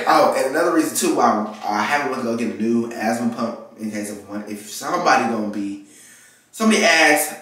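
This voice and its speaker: A man's voice: medium pitch, a bit bright, recorded from a distance. A nineteen-year-old man from Texas, telling a casual story time and animatedly acting out the people in his story. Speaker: vlogger. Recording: very echoey room, mic set back.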